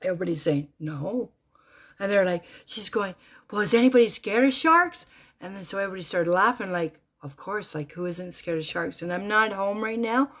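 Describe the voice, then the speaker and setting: Woman storyteller, casual and animated, low-ish voice, shifts from whispers to loud bursts. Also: brisk, few pauses. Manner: animated, swinging between hushed whispers and loud exclamations.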